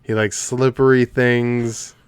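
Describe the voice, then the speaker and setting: A man's voice: medium pitch, level tone, slow pace, clear, resonant tone, no echo. A young man co-hosting a casual podcast chat, laughing often and acting out lines he quotes. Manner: laughing, acts out quotes from the episode. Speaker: podcast co-host.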